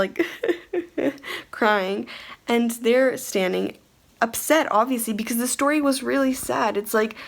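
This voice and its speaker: A young woman telling a rambling storytime to the camera, full of "like" fillers and restarts. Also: medium pitch. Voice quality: creaky. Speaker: vlogger. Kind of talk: casual storytime chat.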